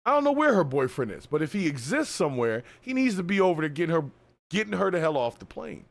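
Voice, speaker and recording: A man's voice: on the high side, a bit bright. A man hosting a reaction video, talking through the clip in a casual, sarcastic and scolding way. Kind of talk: casual commentary.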